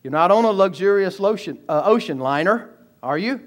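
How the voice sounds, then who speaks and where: High-voiced preacher. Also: male voice, animated, a little fast. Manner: emphatic, varying pace, rhetorical questions. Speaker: pastor. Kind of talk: expository sermon.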